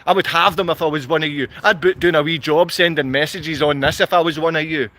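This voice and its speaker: Ranting Glasgow man, high-pitched voice. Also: steady tone, fast, sharp tone. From Scotland. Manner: furious, insulting, repetitive ranting. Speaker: vlogger. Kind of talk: angry direct-to-camera rant.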